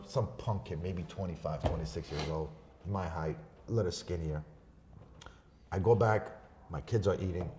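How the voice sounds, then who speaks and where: A man on a podcast telling a story in a casual, profane way, swinging between loud bursts and hushed asides. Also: on the low side, a little hiss or hum. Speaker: podcast guest.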